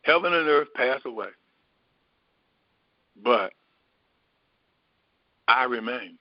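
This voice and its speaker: A man's voice: medium pitch, animated, dry recording. Middle-aged man musing through a dull recording. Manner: unhurried, repetitive, musing aloud. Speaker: spiritual teacher. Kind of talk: reflective metaphysical Bible teaching.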